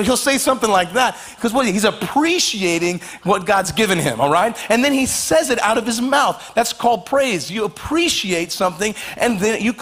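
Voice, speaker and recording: A high-voiced man preaches to a church, animated and jokey. He acts out quick little scenes as he goes, easy and playful with the crowd. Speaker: pastor. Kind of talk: sermon.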